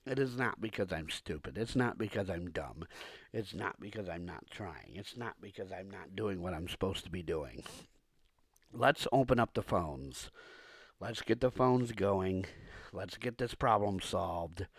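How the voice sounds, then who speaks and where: Male podcast host with a cold, low gravelly voice, repetitive aggrieved rant full of pauses. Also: animated, dry recording. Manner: repetitive, aggrieved, pausing often. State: hoarse with a cold, coughing. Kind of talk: ranting monologue to listeners.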